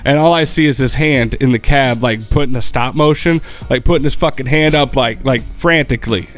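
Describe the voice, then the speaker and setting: A man co-hosting a podcast, telling a story in casual chat, animated and profane, acting out what people said. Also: mid-range voice, brisk, faint music behind. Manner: animated, profane, acts out quoted dialogue. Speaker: podcast co-host.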